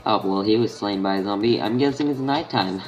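An Australian man with a fairly low voice chats casually over his game, thinking aloud and trailing off mid-sentence as he plays. His talk wanders and stops and starts, and a faint music track plays softly behind him. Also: fairly quick, muffled recording. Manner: rambling, thinks aloud, mutters half-finished sentences to himself. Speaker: gaming channel host. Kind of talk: casual gameplay commentary.

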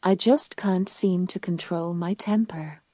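A woman's voice: lowish voice, a little slow, dark tone, dry recording. A woman voicing a grumpy little male storm cloud in a bedtime storybook, grumbling and sulky. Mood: softened.

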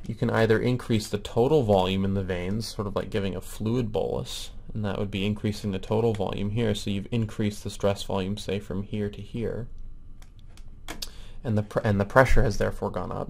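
A man's voice: lowish voice, vocal fry, darkish tone. A man giving a recorded medical lecture, explaining step by step with frequent ums and self-corrections.

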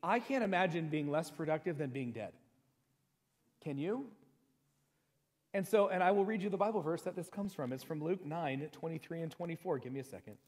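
A middle-aged man preaching a sermon as pastor, talking in a conversational, joking way with personal stories and reading scripture slowly with emphasis. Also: a little high, a little mellow. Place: church sanctuary. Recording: long church hall reverb.

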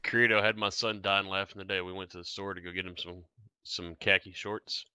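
A man's voice: low voice, little pitch movement, brisk, bright, forceful tone, clean tone, no echo. A man in a casual gaming chat with friends, swearing freely and telling stories. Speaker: gamer friend.

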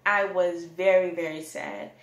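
A young adult woman telling a candid personal story in a rant, animated and sometimes breaking into song. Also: fairly low pitch, unhurried, dull audio. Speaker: vlogger. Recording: echoey room.

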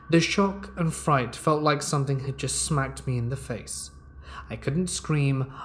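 A man of middle pitch narrates a horror story in the first person, keeping his reading calm and measured. A faint ambient hum sits under his voice. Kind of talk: scripted narration of horror stories.

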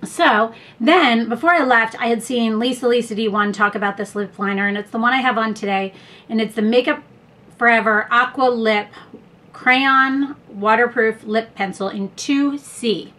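A beauty vlogger with a somewhat high, slightly bright voice records a casual haul at home, speaking close to her camera at a normal speed. She rambles chattily through the products, full of fillers and little asides.

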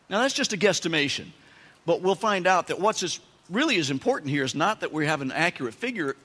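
A pastor preaching a sermon, telling the story with animated asides and dramatic emphasis. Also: male voice, fairly high pitch. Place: church sanctuary. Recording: long church-hall reverb.

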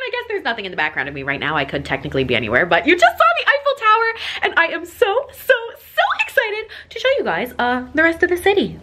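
A woman hosting an excited travel vlog, bubbly and gasping, sometimes dropping into hushed whispers, talking in a hotel room and then at outdoor markets. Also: extremely high pitch. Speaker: vlog host. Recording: background music under voice.

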